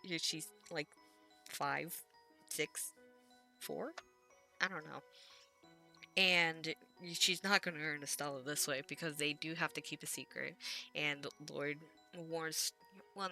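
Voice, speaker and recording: A woman with a low yet bright, forceful voice rambles through an episode recap, gushing, laughing and swearing casually. Faint music sits under her talk. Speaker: anime recap vlogger.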